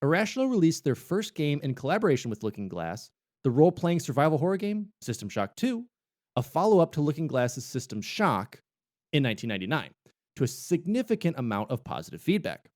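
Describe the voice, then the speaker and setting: A man co-hosting a gaming podcast, his pitch rising and falling in a lively, playful way. He moves between reading background notes and casual joking, and sounds at ease and chatty. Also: brisk. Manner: jokey, playful, animated. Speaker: podcast co-host.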